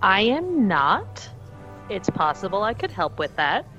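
Woman playing an eager country librarian, lively voice. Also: mid-range voice, a little slow, highs cut off, music in the background. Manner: chatty, eager and earnest. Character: friendly, forward young country librarian woman.

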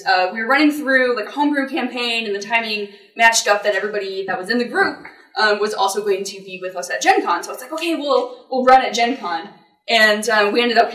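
A woman game master telling a laughing, animated story on a convention panel. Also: mid-range voice. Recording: roomy, from far off the mic.

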